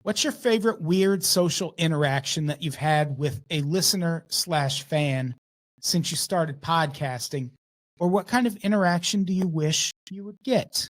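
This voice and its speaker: A man's voice: a little high, moderate pace. Man reading listener questions. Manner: laid-back, reads listener questions. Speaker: podcast co-host. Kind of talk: casual podcast chat.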